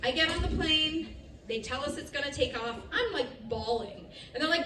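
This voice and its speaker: Picture a woman with a high voice, heard a little way off in an echoey festival venue with faint ambience. She tells a lively story to the audience, laughing often and quoting other people in her own voice. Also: normal speed, far from the mic, noisy background. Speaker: speaker giving a festival talk. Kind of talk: storytelling talk to a live audience. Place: festival stage.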